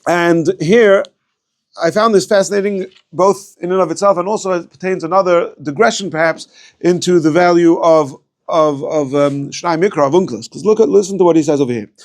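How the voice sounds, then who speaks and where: A rabbi with a high-sitting male voice teaches a casual Torah class to a small group. He digresses and thinks aloud, using fillers and restarting his sentences.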